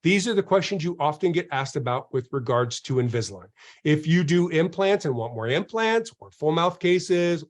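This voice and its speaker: A man's voice: on the high side, lively intonation, moderate pace. A man hosting a dental marketing webinar in a casual, chatty way, often repeating himself and acting out quotes.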